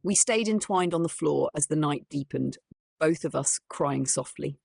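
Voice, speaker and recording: A woman's voice: deep voice, moderate pace, vocal fry, a little mellow, slightly rough, no room sound. A woman telling a ghost story in first person as scripted narration, over background music.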